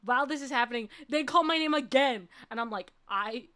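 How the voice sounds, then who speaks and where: A woman's voice: high voice, quick pace, sharp tone. A young adult woman streamer telling a personal story in casual chat, laughing often and ending points with "okay?". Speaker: vtuber streamer.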